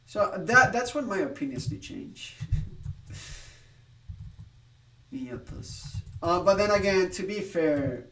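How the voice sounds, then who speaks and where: A man's voice: high voice, sing-song, takes it slowly, pauses often, bright, forceful tone, echoey room, recorded from a distance, slight background noise, low-quality recording. A man from Spain chatting casually on a live stream, rambling with restarts, laughing and swearing now and then.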